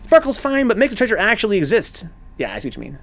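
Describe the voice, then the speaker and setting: Animated, swearing gaming streamer man. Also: high-pitched, fast talker, creaky. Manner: animated, profane, rambling rants. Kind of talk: casual let's-play commentary.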